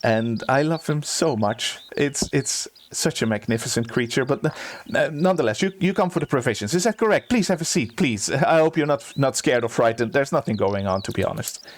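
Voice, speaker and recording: A man's voice: mid-range voice, lively intonation, normal speed, lightly acted. A man voicing a fussy male steward who dotes on his pet bird and gushes, stammers and pleads in a raised voice. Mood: flustered.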